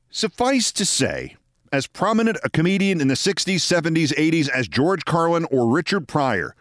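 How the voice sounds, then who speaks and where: A man in his sixties hosting a show, telling a story in a measured, dramatic way with wry asides. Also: mid-range voice, no room sound, studio quality. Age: 60s. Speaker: host. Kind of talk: storytelling monologue.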